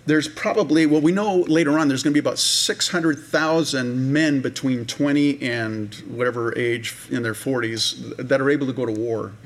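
A man preaching a sermon in a relaxed, conversational way, with many fillers and restarts, sometimes acting out voices of people in the story. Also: medium pitch, moderate pace, hardly any pauses. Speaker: pastor.

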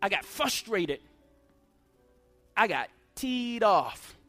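A man's voice: high voice, big pitch swings, very slow, bright, forceful tone, soft background music. A middle-aged man preaching a sermon testimony, emphatic, using call-and-response.

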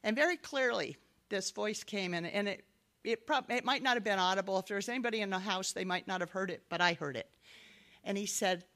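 In a brisk, fairly bright voice of medium pitch, a middle-aged woman tells her personal story as a sermon-style testimony. It's a devotional talk, delivered earnestly and sprinkled with light laughter.

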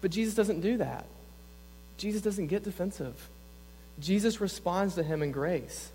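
Recorded in a church hall with long reverb and a little hiss or hum, this young adult campus pastor delivers a sermon. His high voice moves at a measured pace with a warm tone. He sounds earnest and conversational, frequently using "like."

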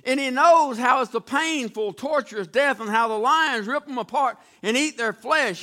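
A man's voice: extremely high pitch, bright, forceful tone. A man preaching a sermon, retelling Bible stories in a folksy, dramatic way with acted-out voices. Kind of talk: storytelling sermon.

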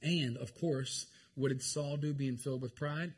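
Husky animated pastor, man. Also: medium pitch, a little slow. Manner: animated, jokey, talks to the congregation. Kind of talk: lively sermon.

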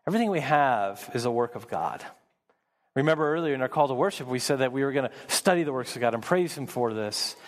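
A man's voice: medium pitch, lively intonation, quick pace, in a large hall. A man preaching a sermon as pastor, earnest, often repeating words as he builds emphasis.

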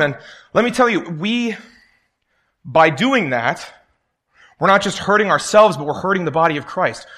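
This is a young man preaching a sermon, his voice sitting a little higher than most men's. He talks casually and tells stories, slipping into the voices of the people he quotes. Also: expressive, moderate pace, long pauses, pushed and bright.

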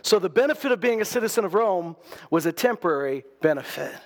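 A man with a notably high speaking voice preaches a sermon like a conversation. He restarts phrases as he goes and slips into quoted voices to tell the story. The delivery is loose and spoken rather than read. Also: lively intonation, quick pace. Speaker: pastor.

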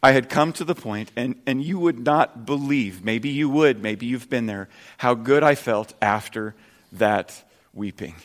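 A man in his fifties preaching a sermon earnestly, dropping soft and low, then rising loud and emphatic. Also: unhurried, big-room sound. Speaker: pastor.

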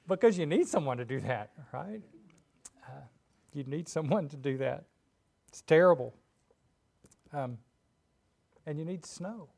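A man preaching a sermon in a relaxed, conversational way, full of fillers and asides, in a church. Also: on the high side, a little slow, creaky, long pauses. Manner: informal and chatty, with frequent fillers and asides.

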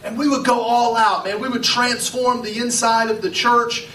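High-voiced preacher in an echoey church. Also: male voice, level tone, pushed and bright, a little hiss or hum. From West Virginia. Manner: dramatic preaching with pauses and acted-out voices. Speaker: pastor. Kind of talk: sermon. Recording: echoey, from far off, faint music.

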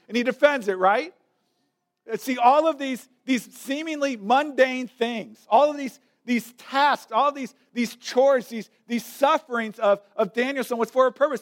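High-voiced man preaching emphatically. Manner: emphatic, repeats words as he builds a point. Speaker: pastor. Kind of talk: sermon.

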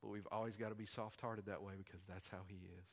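A man's voice: fairly low pitch, level tone, fast talker. A man preaching a sermon as a pastor, conversational and emphatic, repeating key lines for weight.

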